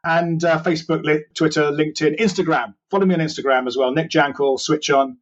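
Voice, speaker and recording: A man's voice: a little high, fairly even intonation, brisk, highs cut off. A male podcast guest talking casually and enthusiastically as he plugs his channels. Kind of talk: casual interview chat.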